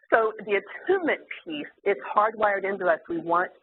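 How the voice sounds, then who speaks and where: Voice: medium pitch, a little fast, few pauses. A therapist giving an earnest, explanatory lecture to clinicians, with occasional fillers. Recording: tinny phone-like sound, faint hiss.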